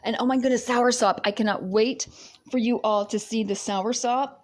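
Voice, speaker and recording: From her home in Fiji, a female livestream vlogger chats casually with her viewers, bubbly and exclamatory and often dissolving into giggles. Her voice sits a little high, with fairly even intonation and a moderate pace.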